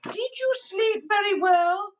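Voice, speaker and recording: A woman's voice: very high voice, slow, a little hiss or hum, pitched above the performer's own voice. A woman voicing a kindly mother bear from a picture book in a sweet, singsong storytelling voice.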